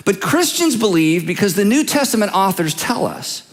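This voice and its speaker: A man's voice: high-pitched, sing-song, moderate pace, in a large hall. A man preaching a sermon as a pastor, talking conversationally and teasing listeners with direct questions. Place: large church auditorium.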